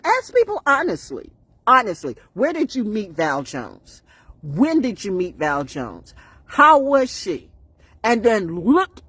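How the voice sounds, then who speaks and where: Husky woman ranting on her live stream, preachy and animated, voice all over the place. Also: medium pitch, no echo. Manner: animated, preachy, riffing with laughs and bursts of song. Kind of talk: rambling live-stream monologue.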